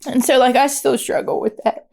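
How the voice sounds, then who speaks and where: Podcast guest, woman, pitched a little high, halting and candid as she recounts her past. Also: fairly even intonation, creaky, darkish tone. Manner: halting, many fillers and restarts. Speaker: guest sharing recovery story. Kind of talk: candid personal storytelling.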